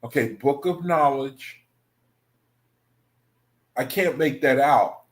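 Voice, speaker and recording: A man's voice: mid-range voice, slow. A man hosting an online study group, talking casually and rambling, repeating himself and calling his viewers brethren. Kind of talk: casual livestream talk to viewers.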